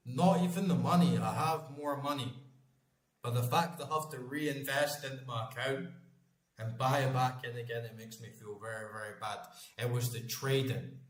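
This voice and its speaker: A man's voice: mid-range voice, normal speed. A man in his forties, a gaming channel host, chatting casually in a rambling, emphatic way and swearing constantly. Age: 40s. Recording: echoey room.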